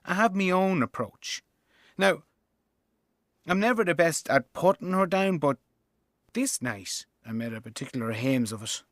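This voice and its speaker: A man plays a young Irish father who is worn out by bedtime battles. He grumbles to the audience in a chatty, exasperated way, and his pitch jumps all over the place. The sound is close and dry. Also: animated, a little slow, long pauses, fairly bright tone, dry recording. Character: exasperated young Irish dad, mocked as "the club". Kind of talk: theatrical monologue.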